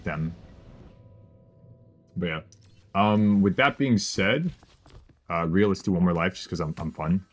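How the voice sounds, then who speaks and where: A man's voice: low voice, a little slow, long pauses, slightly rough, soft background music. A male game streamer chatting casually to his viewers as he plays, joking and repeating reassurances to himself. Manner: talks to his chat. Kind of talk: casual live-stream chatter while playing.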